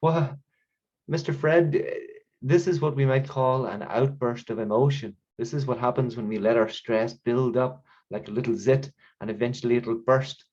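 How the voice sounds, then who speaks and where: A calm therapist speaks in measured, soothing tones with a hint of condescension, as a man plays him in improv. His voice sits at an ordinary pitch. The audio is dull and lo-fi, like a video call. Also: lightly acted. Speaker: improv performer.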